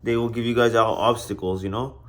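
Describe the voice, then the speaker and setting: A man's voice: medium pitch, fairly even intonation, fairly quick. A young man in his twenties telling a vlog story, blunt and profane, in a subdued way. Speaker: vlogger.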